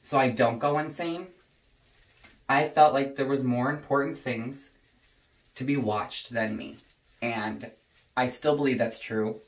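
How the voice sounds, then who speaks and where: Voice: medium pitch, unhurried, long pauses, recorded from a distance. A young adult vlogger talking casually and swearing heavily, ranting heatedly at home while dyeing their hair. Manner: profane, heated and animated ranting. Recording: roomy echo, voice away from the mic.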